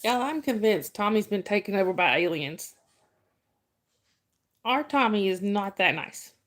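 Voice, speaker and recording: A woman's voice: mid-range voice, animated, a little slow, fairly bright tone. A woman hosting a casual livestream, chatting with viewers, greeting them by name and laughing often. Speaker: livestream host.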